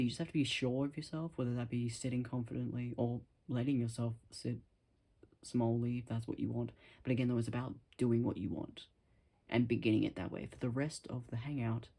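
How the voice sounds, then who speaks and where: A man talking casually to his camera at home, rambling and self-deprecating, in a musing, soft-spoken way. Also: medium pitch, vocal fry, slightly rough. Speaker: vlogger.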